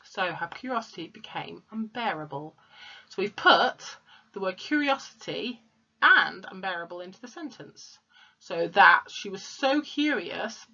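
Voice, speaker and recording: A woman teaches a home-learning lesson, speaking slowly and patiently as if to young children. Her voice sits a little low but sounds bright and forceful. The recording is dull and lo-fi. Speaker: primary school teacher.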